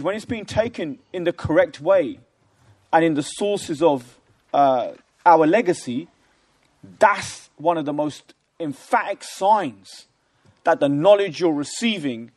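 Male Islamic teacher, higher register, emphatic classroom delivery with frequent checks for understanding. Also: darkish tone. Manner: emphatic, keeps checking listeners follow. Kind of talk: classroom religious lecture.

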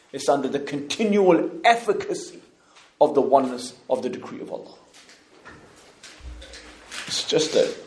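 Recorded in an echoey room with a little hiss or hum, this man speaks at medium pitch with a darkish tone. He gives a casual, loosely structured religious lesson, frequently pausing to ask with tag questions whether everyone is following.

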